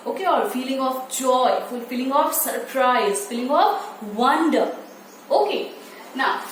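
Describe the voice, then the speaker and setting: Woman teacher going over grammar, high voice, far off in a very echoey room, faint noise behind. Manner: slow, repetitive, stretching key words. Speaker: primary school English teacher. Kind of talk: online class lecture.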